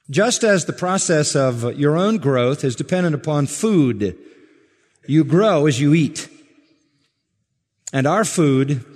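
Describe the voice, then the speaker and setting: A man preaching a sermon to a congregation, measured and emphatic, stressing words slowly. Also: mid-range voice, in a large hall. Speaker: pastor.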